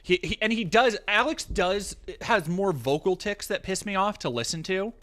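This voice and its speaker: Bright-voiced young man streaming casually. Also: high voice, expressive, moderate pace. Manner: rambling, profane, jokey with frequent restarts. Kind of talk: casual live-stream chat.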